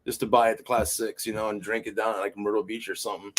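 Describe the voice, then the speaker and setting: A man's voice: lowish voice, flat delivery, quick pace. A man co-hosting a podcast in casual chat, rambling through stories, swearing freely and leaning on filler phrases. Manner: rambling storyteller, profane, leans on "you know". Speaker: fill-in podcast co-host.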